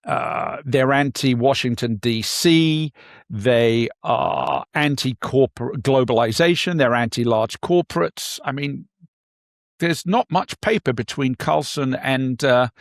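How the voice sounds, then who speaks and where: A man co-hosting a casual political talk show, speaking haltingly with many fillers and restarts. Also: mid-range voice, dry recording, studio quality. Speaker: podcast co-host.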